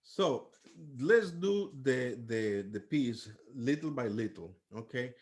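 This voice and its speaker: In a music lesson, a man patiently teaches trumpet articulation, explaining step by step and singing syllables to demonstrate. His voice is medium-pitched and animated, and his pace is slow.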